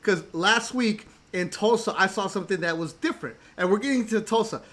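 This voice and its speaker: A man's voice: high-pitched, brisk, fairly bright tone. A male host in a casual chat, laughing often and switching topics on the fly. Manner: chatty, laughs often, jumps between topics.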